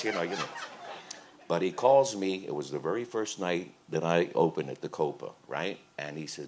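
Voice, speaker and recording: Older male guest, low voice with swooping delivery, chatty storyteller; faint ambience. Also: normal speed, slight background noise. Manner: animated anecdotes with impressions, laughing. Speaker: interview guest, singer. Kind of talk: live Q&A storytelling. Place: event room on a cruise ship.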